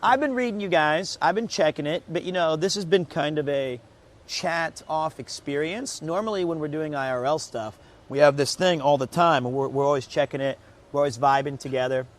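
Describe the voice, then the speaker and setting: A man with a slightly high voice hosts a casual travel stream. He talks upbeat and chatty to his viewers. He sounds lively and friendly throughout. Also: normal speed. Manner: chatty, upbeat, reads aloud to chat. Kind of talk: casual travel vlog chat.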